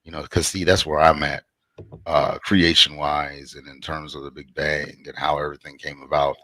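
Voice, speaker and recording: A man co-hosting a relaxed, casual chat after a debate, laughing often and swearing freely. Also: a bass voice, normal speed, no room sound. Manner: laughs a lot, relaxed, swears, says "and whatnot". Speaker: co-host.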